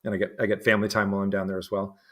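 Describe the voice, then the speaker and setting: A man from New England speaks with a fairly low voice in relaxed conversation. He circles his thoughts with frequent fillers and false starts, stacking repeated words before he lands a point. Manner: halting, many restarts and fillers. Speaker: interview guest. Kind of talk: casual conversation.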